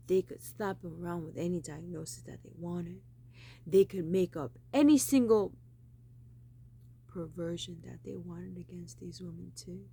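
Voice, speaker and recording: A woman with a low, gravelly voice that rasps into fry as she talks. She rambles through an insistent monologue, circling back to the same phrases with emphasis. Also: darkish tone, a little hiss or hum. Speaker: vlogger.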